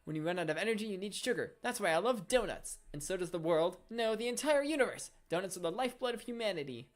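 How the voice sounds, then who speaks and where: A woman's voice: mid-range voice, quick pace, natural voice. Woman reading as a bubbly donut-loving girl. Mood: gushing. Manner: energetic, gushing. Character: bubbly donut-crazy athletic teen girl. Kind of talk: reading game dialogue aloud.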